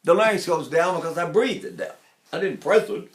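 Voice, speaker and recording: A man's voice: fairly high pitch, fairly quick, roomy sound. A man in his eighties teaching vocal technique, breaking into sung syllables to demonstrate. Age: 80s.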